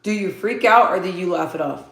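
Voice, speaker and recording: A woman's voice: fairly low pitch, expressive, brisk, creaky, fairly bright tone, reverberant. A woman hosting a casual live Q&A stream. She is hyper and chatty, laughs often and reads viewer answers aloud. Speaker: livestream host.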